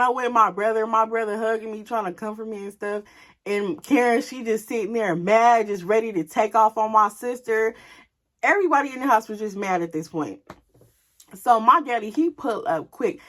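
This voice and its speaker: A young woman vlogger telling a story in a casual, animated way, candid and profane, speaking straight to her viewers. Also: lowish voice.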